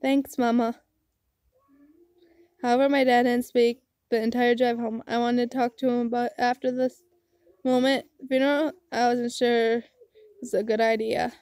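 A woman's voice: fairly high pitch, level tone, normal speed, darkish tone, clear, resonant tone, no room sound. A young woman reading a visual novel aloud, narrating and voicing the heroine with earnest emotion. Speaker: game player reading aloud.

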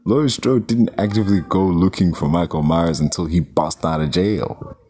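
A man's voice: sits low, normal speed, dark tone, slight background noise. A man giving a casual, profane movie review, riffing loosely and slipping into mock voices.

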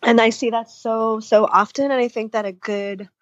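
A woman's voice: fairly high pitch, level tone, moderate pace, no room sound. Woman, couples therapist, thoughtful and explanatory, dry close sound, slightly muffled lo-fi audio. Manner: thoughtful, explains at length with spoken-out inner voices. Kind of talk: podcast interview answers.

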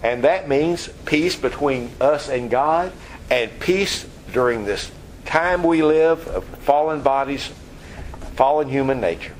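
Bible teacher, male, mid-pitched, animated storyteller, faint background hiss. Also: takes it slowly, poor audio. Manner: explains verb tenses, acts out scenes with animated voices. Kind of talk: Bible study lesson.

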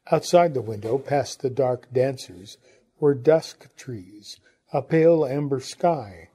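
A man reading a literary novel aloud in a measured, reflective way. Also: mid-range voice, dark tone, slightly rough. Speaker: audiobook reader. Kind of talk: literary audiobook narration.

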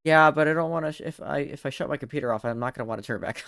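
A man's voice: fairly high pitch, rapid-fire, background noise. A young man hosting a livestream, talking in a flustered, scattered way with restarts and swearing. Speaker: streamer. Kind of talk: casual chat on a livestream.

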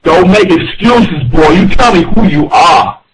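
A man's voice: a little high, lively intonation, a little slow, poor audio. A man on a prank call playing an angry boyfriend who demands answers. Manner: accusatory, demanding.

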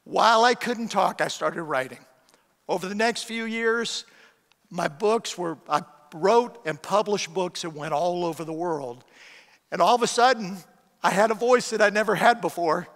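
High-voiced male preacher in reverberant hall. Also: a bit bright. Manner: storytelling with self-deprecating humor. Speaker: guest preacher. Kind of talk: sermon. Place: church auditorium. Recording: long church hall reverb.

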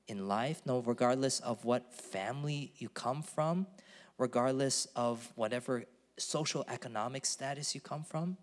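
A man's voice: mid-range voice, big-room sound. A man pastor giving a conversational sermon in a church, earnest and emphatic, at times calling on the congregation to repeat a word.

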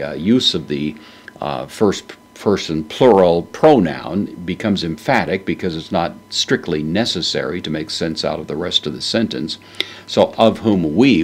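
Male Bible teacher, low husky voice, methodical Greek grammar lesson. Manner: slow, deliberate, spells out Greek grammar.

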